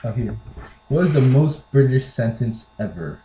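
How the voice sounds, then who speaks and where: A man's voice: medium pitch, animated, normal speed, warm tone, a little hiss or hum. Rambling American man in echoey room. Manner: rambling, with lots of "like" and "you know". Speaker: vlogger. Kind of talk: casual to-camera chat.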